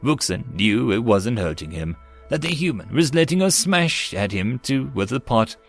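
Man narrating an animated sci-fi audiobook. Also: mid-range voice, moderate pace, vocal fry, soft background music. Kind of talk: web novel audiobook narration.

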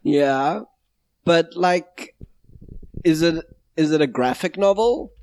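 A young man co-hosting a podcast, talking in a relaxed, comedic way. He jokes and laughs a lot. His voice sits a little higher than most men's. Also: slow. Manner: joking, expressive, laughs often. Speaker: podcast co-host. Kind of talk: casual comedic chat.

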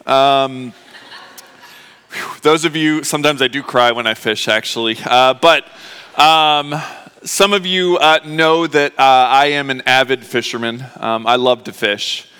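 In a church sanctuary with a big-room sound, a man of medium pitch preaches a little slowly, his tone sharp and clean. The pastor, recovering from appendix surgery, speaks to his congregation in a chatty, emotional way, stumbling through many fillers and restarts.

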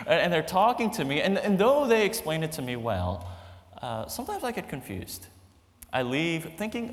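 A man preaching a sermon as pastor, conversational and animated, often checking in with "right?" and "okay?". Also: on the high side, normal speed, long reverb tail.

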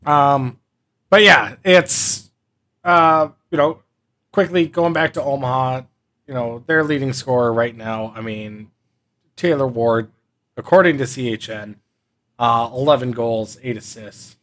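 A podcast co-host from the Upper Midwest rambles through a casual sports chat, his meandering delivery packed with fillers. He speaks unhurriedly in a mid-range, somewhat bright voice.

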